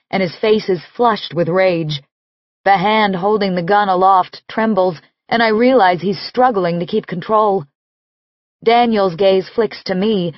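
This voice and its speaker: A woman narrating an audiobook in the first person, reading in a slow, measured, intimate way. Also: mid-range voice, no echo, dull audio.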